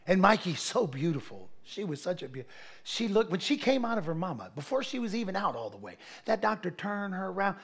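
A middle-aged male preacher telling funny stories in a sermon, animated and laughing, acting out the voices of others. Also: high voice, a little fast, husky. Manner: animated, laughing, acts out quotes. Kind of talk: humorous sermon storytelling.

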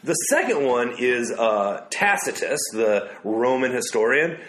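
A man co-hosting a casual discussion show, reflective and quick to laugh as he reads quotes aloud. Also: medium pitch, sing-song, fairly bright tone, slight background noise. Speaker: podcast co-host. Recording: roomy echo.

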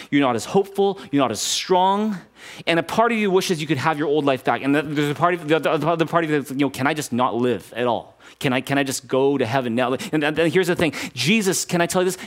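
A male pastor preaching a sermon in an earnest, conversational way, often restarting his sentences. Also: high-pitched.

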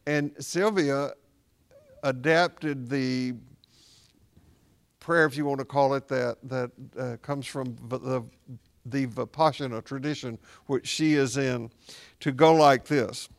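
A man, a spiritual director, talking casually about Buddhist practice as a reflective, gently wry storyteller. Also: mid-range voice.

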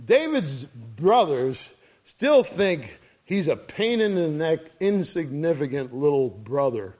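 Slow, folksy man preaching a sermon. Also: fairly high pitch, sing-song, darkish tone. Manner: folksy, chuckles through his stories. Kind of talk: storytelling sermon.

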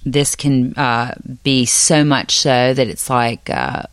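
A middle-aged woman who teaches the Enneagram, explaining slowly and thoughtfully with many fillers in a casual conversation. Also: a bass voice, steady tone, clean tone, dry recording, studio quality.

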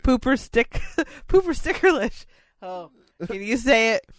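A young woman co-hosting a podcast, telling crude stories in a giggly, animated way. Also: on the high side, slow, no room sound. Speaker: podcast co-host. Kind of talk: casual chat.

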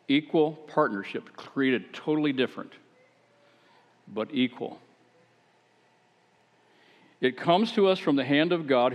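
A man preaching a conversational sermon, chatty and rhetorical, with wry asides and self-deprecating stories. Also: medium pitch. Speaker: pastor. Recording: echoey hall, dull lo-fi sound.

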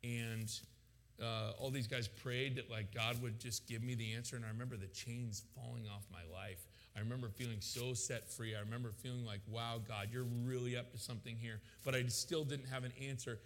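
Animated pastor, echoing sanctuary. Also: male voice, medium pitch, a little fast. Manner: animated, rising to loud emotional peaks; frequent fillers and stammered restarts. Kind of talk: sermon storytelling. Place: church sanctuary. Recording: long hall reverb.

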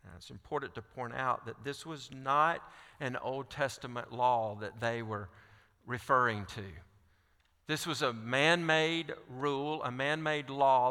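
A man delivers a sermon from the pulpit of a large church. His voice is bright and crisp. It carries a long hall reverb as he reads scripture and presses his questions. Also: medium pitch, a little slow. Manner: reads scripture aloud, then presses questions with rising intensity. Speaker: pastor.

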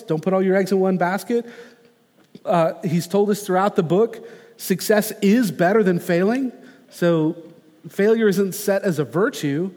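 High-voiced preacher man in a reverberant hall. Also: darkish tone. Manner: earnest, measured preaching with slow emphatic phrases. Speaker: pastor. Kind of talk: sermon.

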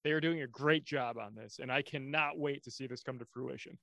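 A man's voice: mid-range voice, fairly quick, creaky, fairly bright tone, no room sound, dull audio. Sarcastic man on a dry video call. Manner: sarcastic, joking. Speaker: podcast co-host. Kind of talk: casual chat.

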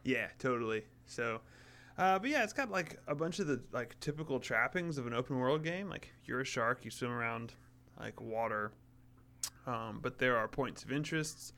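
Relaxed man explaining a game. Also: medium pitch, moderate pace. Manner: relaxed, explanatory, lots of fillers. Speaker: podcast co-host. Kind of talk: casual gaming chat.

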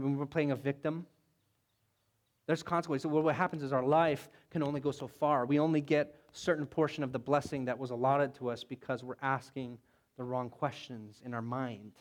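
A man preaching a sermon, telling Bible stories in an animated way and acting out the voices of the people in them. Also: mid-range voice. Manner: animated storytelling, acts out biblical voices. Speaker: pastor.

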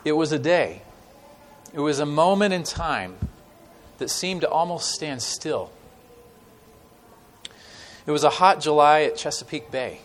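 A man preaching a sermon with stories to a church congregation, talking in a conversational way with many fillers and dramatic pauses. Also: fairly high pitch, expressive, a little hiss or hum. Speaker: guest preacher.

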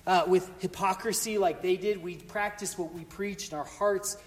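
A man with a notably high voice delivers a sermon as pastor. He speaks earnestly and emphatically, circling back to exclamations as he presses his point. His words ring out with a long reverb, as if in a large church hall. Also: fairly even intonation, moderate pace.

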